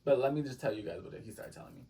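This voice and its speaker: A man's voice: mid-range voice, lively intonation, rapid-fire, mellow, distant mic. Rambling man telling a story, a bit off-mic. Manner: rambling, lots of "like" fillers, dramatic asides to viewers. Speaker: storytime vlogger. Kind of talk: casual storytime chat.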